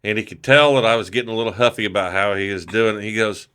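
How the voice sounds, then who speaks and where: A man's voice: fairly low pitch, quick pace, clear, resonant tone. A middle-aged man telling a story casually on a podcast, swearing freely and acting out the voices of the people in it. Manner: profane, animated, acts out quoted voices. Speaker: podcast guest.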